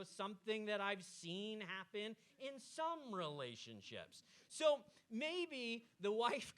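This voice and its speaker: A man preaching on marriage from a church stage, animated and acting out quoted arguments. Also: high-pitched. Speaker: pastor. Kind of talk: sermon on marriage.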